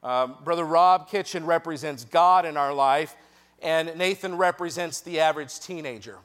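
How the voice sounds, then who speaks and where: A man preaching a sermon to a youth group, lively and jokey with quick asides, speaking straight to the young listeners. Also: on the high side. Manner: directly addresses young listeners.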